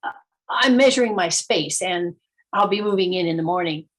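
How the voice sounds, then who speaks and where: A woman's voice: lowish voice, moderate pace, close to an everyday voice. A woman voicing a nervous, flustered man who stammers and hesitates.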